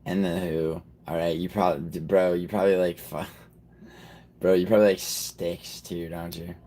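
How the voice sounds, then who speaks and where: A man's voice: sits low, level tone, measured pace, warm tone. A man hosting a livestream in a rambling, profane way, talking straight to his chat. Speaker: livestream host. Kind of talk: casual livestream chat with viewers.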